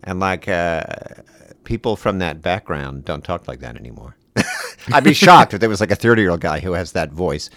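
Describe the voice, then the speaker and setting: A man in casual conversation about acting and accents, animated and quick to laugh. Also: low voice, dry recording, studio quality. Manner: animated, laughs often, mimics voices in passing. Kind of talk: casual chat.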